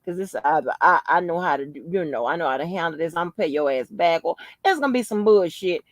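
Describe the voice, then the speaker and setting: Profane, animated woman telling a story. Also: on the low side, fast, no echo, rough recording. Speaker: podcast host. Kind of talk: casual storytelling chat.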